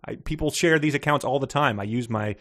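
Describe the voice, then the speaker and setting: A man co-hosting a podcast, talking about a book in a rambling, halting way with frequent restarts. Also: medium pitch, fairly bright tone. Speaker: podcast co-host. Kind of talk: casual chat about a book.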